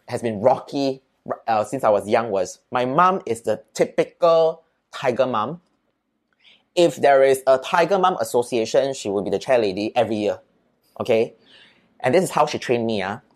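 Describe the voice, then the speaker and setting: A Singaporean man tells stories in a loose, chatty way. He keeps asking "right?" and "okay?" to make sure the listener follows. His voice rises and falls a lot, and he drops Mandarin words and local particles into his English. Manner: lively, swings pitch up and down while telling a story. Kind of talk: casual storytelling.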